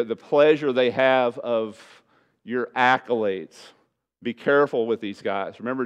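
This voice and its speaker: A man preaching a sermon as pastor, his voice rising loud and slowing down to hammer points home. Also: medium pitch, clear, resonant tone, dull audio. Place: church sanctuary.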